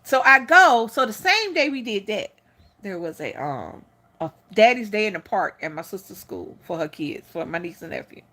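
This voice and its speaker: A woman hosting a livestream, telling a personal story in a candid, animated way and swearing freely. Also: medium pitch, moderate pace. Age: older for a first pregnancy. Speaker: channel host.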